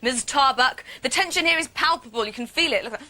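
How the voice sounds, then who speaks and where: A woman's voice: sits high, expressive, fast, bright, forceful tone. A woman presenting live television in a cheery way, cheering on the finalists. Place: live TV studio with crowd.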